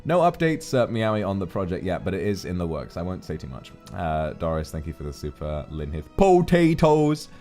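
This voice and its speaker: Male streamer, casual chat, deep-ish voice with a lively melody. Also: brisk, few pauses, faint music behind. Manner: animated, jumps into voices and laughs.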